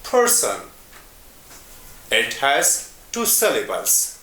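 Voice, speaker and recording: A man teaching an English lesson in a slow, deliberate way, repeating example words. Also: a little high, big pitch swings, a bit bright, reverberant.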